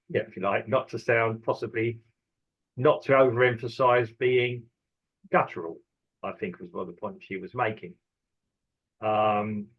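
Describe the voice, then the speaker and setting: Husky Estuary English man, rambling. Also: mid-range voice, highs cut off. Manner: rambling, frequent ums and restarts. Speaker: English teacher and podcaster. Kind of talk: casual podcast monologue.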